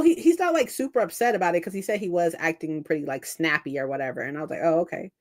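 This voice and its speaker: Young adult woman, host of a casual stream; blunt, profane, laughs easily, acts out both sides of a story, lively pitch. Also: racing. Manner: blunt, swears freely, laughs a lot. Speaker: book streamer. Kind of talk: casual livestream chat.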